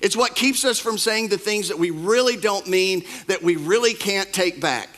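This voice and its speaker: A pastor preaching a sermon in church, stressing his points by repeating them and swinging from soft asides to loud outbursts. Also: high voice, moderate pace. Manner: emphatic, repeats key phrases.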